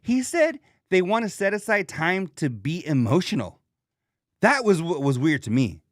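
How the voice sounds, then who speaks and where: Guy hosting a podcast, kinda high voice, super animated, swings all over, dry close mic. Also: normal speed, dry recording. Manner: animated, slangy, acts out quoted lines. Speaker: podcast host. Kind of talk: casual chat.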